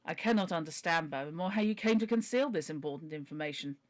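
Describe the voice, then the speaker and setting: A woman's voice: low voice, expressive, fast talker. A woman voicing a decisive young male baronet while reading a novel aloud. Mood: brisk.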